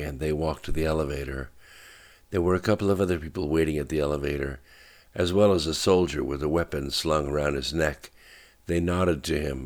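A male narrator with a very deep, low voice reads a novel aloud. His delivery is steady and even, in the manner of scripted audiobook narration.

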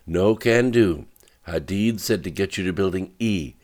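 A man's voice: sits low, measured pace, a little mellow, pitched above the performer's own voice. A man voicing a young male bodyguard who speaks in short, guarded, clipped phrases.

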